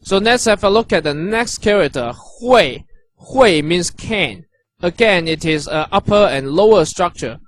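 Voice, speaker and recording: A man teaching characters and their pronunciation, patient and encouraging, repeating each sound slowly. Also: on the high side, slight background noise. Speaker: language teacher. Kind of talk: instructional narration.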